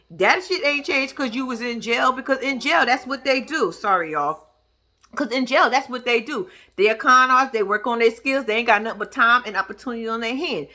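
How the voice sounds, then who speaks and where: Brisk and fairly high-pitched, this woman is a reality TV recap vlogger running through an episode in casual commentary. She's sassy and profane, telling it animatedly with sarcastic, teasing jabs.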